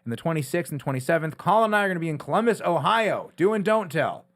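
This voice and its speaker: Fast-talking man, podcast co-host. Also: a little high. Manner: fast, excitable, laughs often. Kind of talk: casual comedy podcast banter.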